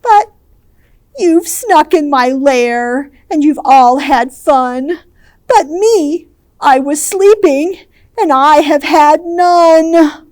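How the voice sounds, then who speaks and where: A woman's voice: sits high, very slow, darkish tone. A woman voicing a big, sad male bear who feels left out, speaking in a blubbering, crying voice. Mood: weepy.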